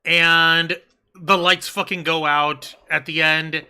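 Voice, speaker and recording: A man co-hosting a loose wrestling review show. His voice is very bright and sharp and sits a little high. He rambles, trips over his words and swears freely. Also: flat delivery, takes it slowly, clean tone. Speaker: podcast co-host. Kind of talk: casual wrestling review chat.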